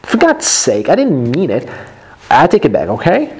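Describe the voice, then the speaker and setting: A man's voice: a little high, wildly swooping pitch, moderate pace, darkish tone, slightly rough, pitched above the performer's own voice, heavily acted. A man reading a defensive joker's lines. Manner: reading lines aloud from a textbook dialogue. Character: defensive man who made a tactless joke.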